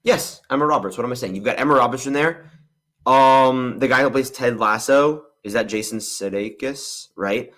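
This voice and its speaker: In a medium-pitched, fairly bright voice at a moderate pace, a young man answers questions from viewers during a movie livestream Q&A. He rambles candidly and often says "honestly" and "I'm gonna be real."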